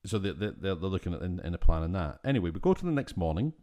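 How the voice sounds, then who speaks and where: A man with a Scottish accent, co-hosting a casual film-review podcast in an animated, exasperated way and swearing freely. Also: low-pitched, very fast. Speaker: podcast co-host.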